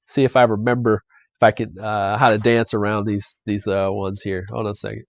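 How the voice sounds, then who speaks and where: A man's voice: lowish voice, flat delivery, a little fast, dry recording. A young adult man streaming a solo board game live, chatty and upbeat as he talks to viewers and reads the adventure text. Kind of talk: casual live-stream playthrough commentary.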